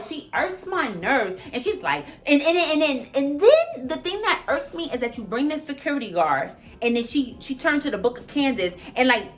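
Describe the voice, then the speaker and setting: Fired-up woman ranting, faint music behind. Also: sits high. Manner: animated, profane, emphatic, repeats herself. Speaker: vlogger recapping a reality show. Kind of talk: casual reaction rant.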